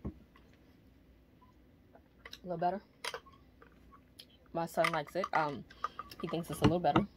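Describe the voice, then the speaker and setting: A young woman talks casually from her home, rambling easily with frequent ums. Her voice sits on the low side. Steady background noise runs under the recording. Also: a little slow, pauses often. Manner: relaxed, rambling with many ums. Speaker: vlogger. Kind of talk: casual chat.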